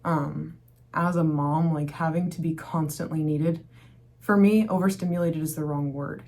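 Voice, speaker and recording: A woman's voice: sits low, fairly even intonation, unhurried, warm tone. A young woman who is a mother, speaking candidly and rambling in a casual faith-based vlog, with lots of fillers. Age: young adult. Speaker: mom vlogger.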